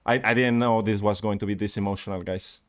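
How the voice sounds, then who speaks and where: A man's voice: lowish voice, fast, clear, resonant tone. Exasperated male coach. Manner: exasperated, animated critique. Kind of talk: live-streamed gameplay review.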